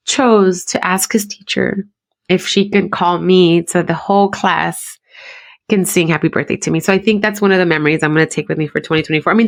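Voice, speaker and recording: Woman in her thirties, podcast co-host, heartfelt storyteller, drops into Spanish. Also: mid-range voice. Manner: heartfelt, switches between English and Spanish. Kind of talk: casual chat.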